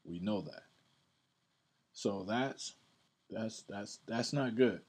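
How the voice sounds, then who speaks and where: Husky low-voiced man teaching scripture. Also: slow, a little mellow. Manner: conversational, repeats words, reads verses aloud with emphasis. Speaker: podcast Bible teacher.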